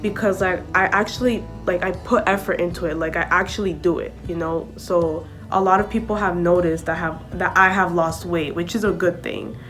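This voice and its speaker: A woman's voice: lowish voice, steady tone, normal speed, hardly any pauses, a bit bright, soft background music. A young woman vlogging casually to camera, chatty and full of "like" and "okay?", switching between English and Spanish. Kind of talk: casual story-time chat to camera.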